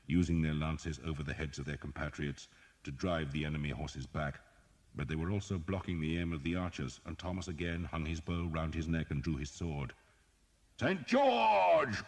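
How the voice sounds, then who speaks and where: A man reading an audiobook as narrator, in a measured, dramatic storytelling manner. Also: very deep voice. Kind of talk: scripted narration.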